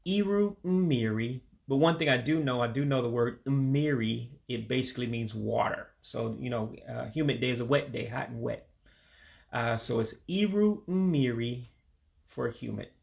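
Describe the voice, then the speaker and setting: A man from Michigan, casually walking through a vocabulary lesson and repeating each word slowly, with frequent ums and uhs. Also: medium pitch, fairly even intonation, creaky. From Michigan, USA. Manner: repeats words slowly, hesitant with many fillers. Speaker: language learner teaching vocabulary.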